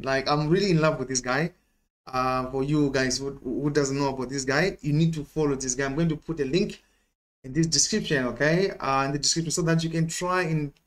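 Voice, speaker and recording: Excitable man hosting a reaction video. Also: fairly high pitch. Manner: excitable, laughs often, tags lines with "man" and "okay?". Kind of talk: casual reaction commentary.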